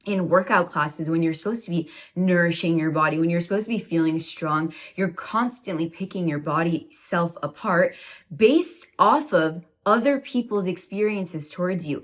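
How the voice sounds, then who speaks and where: Woman, twenties, low-pitched, blunt, preachy, motivational vlog monologue, casual fillers. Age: 20s. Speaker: self-love coach. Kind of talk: direct-to-camera motivational monologue.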